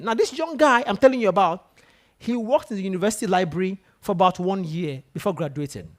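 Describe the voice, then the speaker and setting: Animated male speaker addressing students. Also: sits high. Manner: animated, questions the audience directly. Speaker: guest speaker at a university. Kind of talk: motivational talk to students. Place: lecture room with students.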